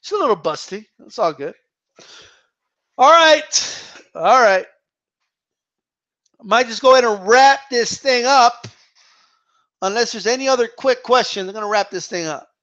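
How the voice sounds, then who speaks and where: Male boxing-stream host, high voice, laughs a lot, slangy and casual. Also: expressive, unhurried, pauses often, a bit bright, lo-fi sound. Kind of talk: casual chat reading viewer questions.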